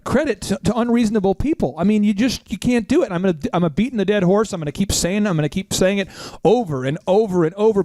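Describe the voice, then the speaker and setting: A man hosting a business podcast, talking in energetic, hyped bursts with playful shouts and asides, recorded in a studio. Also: high-pitched, no echo. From Oklahoma. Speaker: podcast host, business coach.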